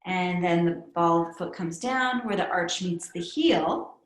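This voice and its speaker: A woman with young kids teaching a pilates class. She gives calm counted breathing cues and adds chatty asides. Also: fairly low pitch, unhurried. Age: adult with young kids. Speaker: pilates instructor. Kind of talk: guided fitness class instruction. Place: fitness studio. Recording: echoey room.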